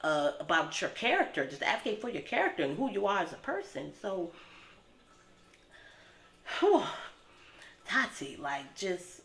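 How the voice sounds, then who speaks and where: A woman's voice: fairly low pitch, sing-song, a little slow, long pauses, a bit bright. A woman giving a casual, rambling recap of a TV episode, her talk packed with filler words. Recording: roomy echo with faint ambience.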